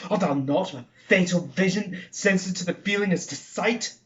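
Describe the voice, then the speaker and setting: A Scottish man performing a Shakespeare monologue as a brooding young murderer, dropping to hushed whispers and rising to declaimed lines. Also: high voice, normal speed, distant mic, dull audio, pitched above the performer's own voice. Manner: swings between hushed whispers and raised declaiming. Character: brooding young male Scottish murderer-king on the eve of a killing.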